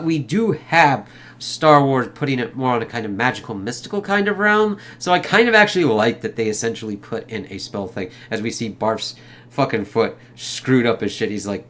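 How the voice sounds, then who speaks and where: A man's voice: mid-range voice, a bit bright. A man giving a casual spoken movie review, rambling loosely, swearing a lot and laughing often.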